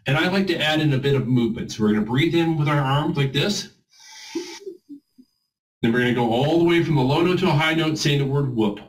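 A man leading a group voice warm-up class in an informal, encouraging coaching way. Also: on the high side, a little fast, a little hiss or hum, low-quality recording. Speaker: voice exercise instructor.

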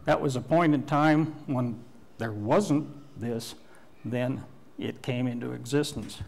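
Slow-speaking older male pastor preaching. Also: medium pitch, gravelly, darkish tone, slight background noise. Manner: slow, deliberate teaching with pauses and restarts. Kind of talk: sermon. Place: church sanctuary.

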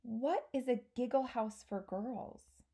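A woman's voice: slow pace, warm tone, slightly rough, heavily acted. A woman doing a curious, eager little girl. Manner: eager questions, higher than the reader's own voice. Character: young girl, curious and brave.

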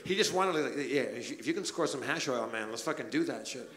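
A man's voice: medium pitch, a little fast, heavy background noise. A man co-hosting a comedy podcast live on stage, telling a chatty anecdote full of casual swearing. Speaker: podcast co-host. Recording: roomy live venue sound.

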